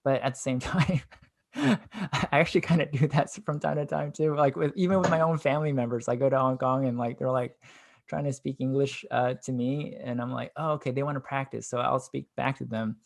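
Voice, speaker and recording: A young man co-hosting a casual podcast, thinking aloud in a reflective way. He leans on filler words as he works through his points. His voice sits at a middle pitch. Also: brisk, vocal fry. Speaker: podcast co-host.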